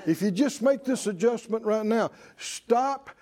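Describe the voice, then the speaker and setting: A man preaching a sermon in an animated way, asking the congregation to answer back and mimicking worried voices. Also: high-pitched, measured pace.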